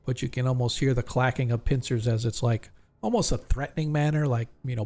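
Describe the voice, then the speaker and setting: A man's voice: medium pitch, steady tone, a little fast, a little mellow. A man narrating a tabletop game as game master, describing the scene in a loose, descriptive way with frequent likes and restarts.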